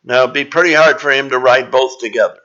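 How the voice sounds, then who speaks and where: A man preaching a Bible teaching sermon in a measured, explanatory way, pausing often with "uh". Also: medium pitch, bright, forceful tone, highs cut off. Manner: measured, explanatory, with frequent "uh" pauses.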